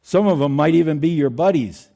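Man, pastor, sermon, slightly high pitch, conversational, asks questions. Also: a little fast, gravelly, mellow.

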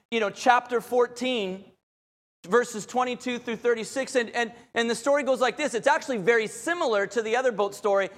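A man with a very high, somewhat bright voice preaches a sermon, telling a story with animation. He repeats phrases often and speaks straight to the crowd, and the recording carries a long hall reverb.

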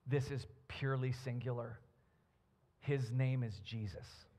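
A man's voice: medium pitch, steady tone, unhurried, warm tone. A man preaching a sermon as a pastor, earnest and building his points with emphasis.

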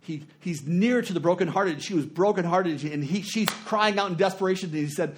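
A middle-aged man preaching a sermon, telling a story and swinging between hushed and emphatic delivery. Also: sits high, brisk, few pauses.

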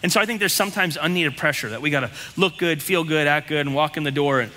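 A man preaches to his congregation in a plain, conversational way, firing off rhetorical questions. His voice is bright and sits a bit high. The sound carries a long hall reverb. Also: fast talker, few pauses. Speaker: pastor. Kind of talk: sermon.

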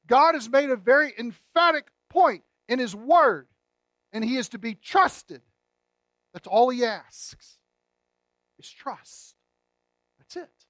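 Male pastor, very high pitch, emphatic sermon delivery with rhetorical questions. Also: lively intonation, slow pace, pauses often, a bit bright, no room sound.

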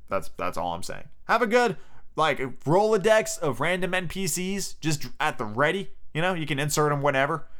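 A male podcast host with a slightly high, sing-song, fairly bright voice talks at normal speed. In a casual chat, he gives emphatic, joking advice on running tabletop games as a game master.

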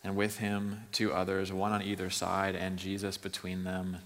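A man with a fairly low but bright, forceful voice preaches a sermon. He drops to a near whisper and then builds to loud, fervent preaching. His voice rings out with a long reverb, as in a large hall. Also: completely flat delivery, normal speed. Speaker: pastor.

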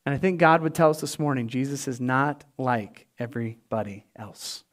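A man preaching a sermon as a pastor, animated and shifting between loud emphatic lines and hushed, quiet ones. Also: medium pitch, normal speed.

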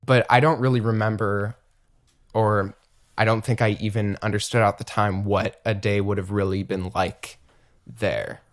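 A man's voice: on the low side, level tone, normal speed. A young man chatting casually as a podcast guest, peppering his speech with "like". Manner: casual, many "like" fillers. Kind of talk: casual conversation.

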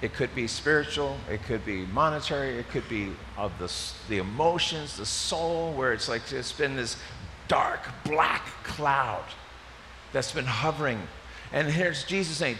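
Animated male pastor, bright and lively. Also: mid-range voice, measured pace. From Maryland, USA. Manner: animated storyteller with joking asides. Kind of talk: sermon. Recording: reverberant hall, faint hiss.

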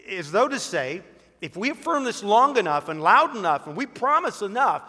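A man's voice: high-pitched, animated, moderate pace, sharp tone, big-room sound. A man who is a pastor, preaching a sermon emphatically with rhetorical questions and a personal story.

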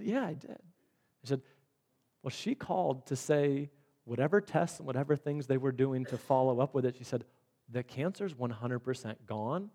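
A middle-aged man preaching a sermon, animated and storytelling, acting out the dialogue he quotes. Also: medium pitch, breathy edge. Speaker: pastor.

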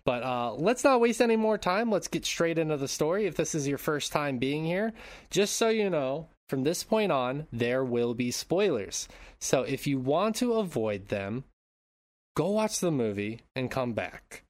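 A man's voice: fairly high pitch, sing-song, measured pace, no echo. A man hosting a casual movie podcast, reading plot summaries and cracking crude jokes. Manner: crude joking, reads plot summaries aloud. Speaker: podcast host. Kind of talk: casual movie recap chat.

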